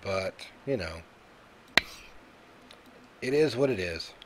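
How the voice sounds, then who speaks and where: A man's voice: sits low, expressive, takes it slowly, very noisy. A man hosting a casual let's-play commentary of a video game, chatty and joking, with lots of "uh" fillers. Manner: jokey, chatty, many "uh" fillers. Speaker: gaming YouTuber.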